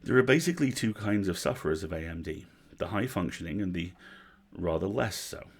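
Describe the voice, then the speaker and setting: A man reading a story aloud on a livestream, measured, with wry asides. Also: low-pitched, expressive, slightly rough. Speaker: story reader.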